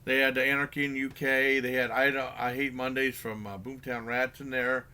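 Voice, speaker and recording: A man's voice: mid-range voice, flat delivery, pushed and bright, clean tone. A man giving a casual spoken movie review, rambling with lots of fillers and restarts and acting out lines from the film. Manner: acts out characters' lines in quick bursts.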